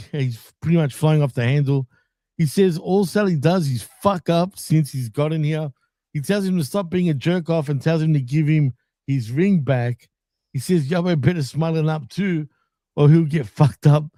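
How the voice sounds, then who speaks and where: A man's voice: fairly high pitch, dark tone, dry recording, clean studio sound. A man co-hosting a casual wrestling podcast, recapping episodes in a laid-back way, laughing often and swearing freely. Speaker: podcast co-host.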